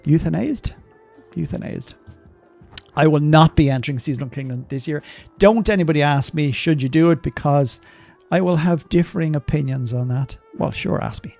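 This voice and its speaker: A man's voice: on the high side, fairly quick, gravelly, a little mellow, faint music behind. An older man streaming a game live, chatting casually and rambling through viewer questions with lots of ums and asides.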